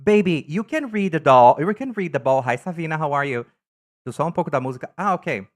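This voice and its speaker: A man chatting casually on a live stream, camp and animated, greeting viewers by name while he ranks things. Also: fairly high pitch, fast. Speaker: live streamer reading chat. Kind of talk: casual live-stream chat ranking items.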